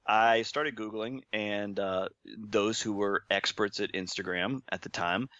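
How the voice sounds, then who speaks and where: A man being interviewed, telling his story in a relaxed, self-deprecating way and chuckling often. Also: lowish voice, unhurried, dry recording, lo-fi sound. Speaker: interview guest.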